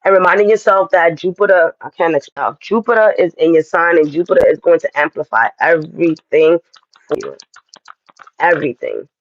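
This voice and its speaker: A man's voice: a little high, normal speed, no room sound, dull audio. A man giving a casual astrology and tarot reading, talking straight to his viewers in a chatty, direct way.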